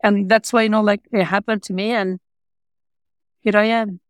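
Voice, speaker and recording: Speaking at a normal speed in a high-pitched voice that barely moves in pitch, a man is interviewed about his life as a pizza shop owner, in a dry recording. His English is non-native and grammatically broken, full of "you know, like" and repetition. He sounds earnest and heartfelt.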